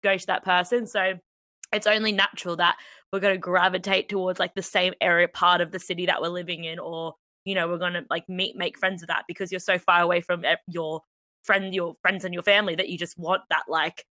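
Australian woman, podcast co-host, bright clear tone, dry close sound, chatty. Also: lowish voice, level tone, fairly quick, no room sound. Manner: chatty, laughs often, lots of "like" fillers. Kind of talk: casual chat. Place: Australian expat living in London, recording indoors.

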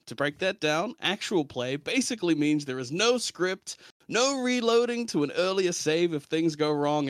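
Young man, New Zealand accent, game master narration, animated pitch, dry close sound. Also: dry recording. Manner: lively, dramatic storyteller. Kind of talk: podcast intro and scripted narration.

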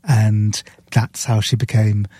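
A man with a mellow, husky voice retells a story in earnest as a podcast guest. The sound is dry and close, with no room echo. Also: on the low side, little pitch movement, slow pace. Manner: sipping beer while talking. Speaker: author guest. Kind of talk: podcast conversation.

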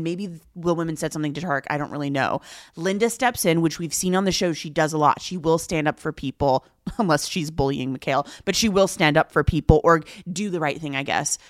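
A young woman co-hosting a podcast, chatting casually and retelling TV scenes with quick asides. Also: low-pitched, no echo, studio quality. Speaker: podcast co-host. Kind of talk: casual gossip chat.

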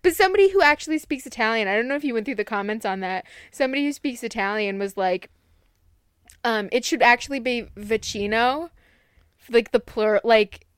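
Woman chatting and giggling, highish smooth voice, dry sound. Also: fairly quick, fairly bright tone, no room sound. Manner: giggly, playful, jumps between topics. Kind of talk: casual chat.

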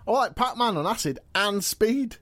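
A man's voice: sits high, animated, moderate pace, fairly bright tone, dry recording. An actor playing a cocky, evasive, washed-up male wrestling champion in a comedy audio drama. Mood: boastful. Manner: blustering and boastful, with sudden panicked yelps.

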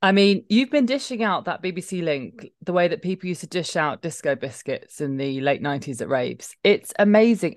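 A woman from London co-hosting a podcast, chatting casually and telling animated anecdotes, jumping into voices for the people she quotes. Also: on the low side, normal speed, few pauses, no echo, clean studio sound. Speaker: podcast co-host. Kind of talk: casual chat, storytelling.

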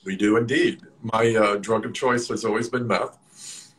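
A man's voice: on the low side, fairly even intonation, a little slow, low-quality recording. A man in his sixties from the American Midwest, a guest on a video-call interview, easygoing and plainspoken with some joking. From Midwest USA. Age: 60s. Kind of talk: casual interview.

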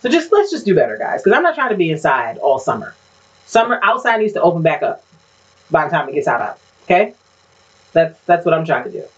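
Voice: mid-range voice, very animated, fairly quick, slightly rough. A podcast co-host in casual chat who rants bluntly and says "like" a lot. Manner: blunt, ranting, frequent "like". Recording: dull, distant mic sound.

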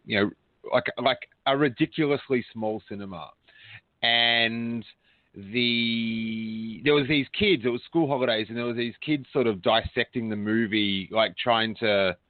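A man's voice: mid-range voice, unhurried, no room sound. A man hosting a casual chat, joking and talking with many restarts. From Australia. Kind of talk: casual chat over a call. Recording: tinny call audio, dry.

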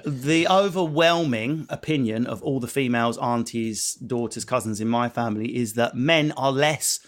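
A man's voice: mid-range voice, normal speed. A man with an Essex accent hosting a casual, comedic podcast chat, joking and slipping into mock voices. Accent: Essex English. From Essex, England. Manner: jokey, slips into mock voices. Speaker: podcast host.

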